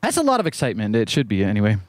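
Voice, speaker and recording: A man's voice: lowish voice, wildly swooping pitch, racing, no echo. A man hosting a synth video, chatting casually and playfully while he jams, laughing at himself often. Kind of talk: casual chat over live synth jamming.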